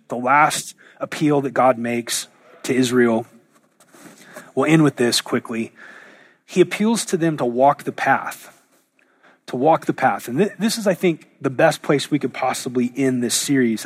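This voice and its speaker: A man preaching a sermon in a conversational way, paraphrasing God's words in everyday speech and slowing down to stress key lines. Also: medium pitch, husky. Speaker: pastor.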